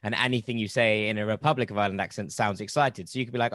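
A man's voice: on the low side, very fast, few pauses, fairly bright tone, no echo. Man hosting, dry close mic. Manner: rambling, self-correcting, wry. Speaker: podcast host. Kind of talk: casual football podcast chat.

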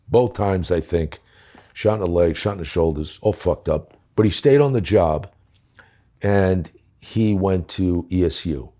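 A man's voice: sits low, warm tone. An older man telling a war story from his police days, blunt and profane, acting out the dialogue. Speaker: former police commissioner. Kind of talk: casual storytelling.

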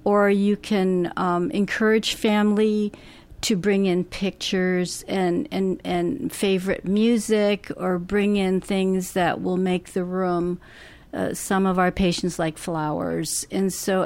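A middle-aged woman, a hospice nurse, answering interview questions in a slow, gentle, thoughtful way with many restarts. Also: mid-range voice, flat delivery, dry recording.

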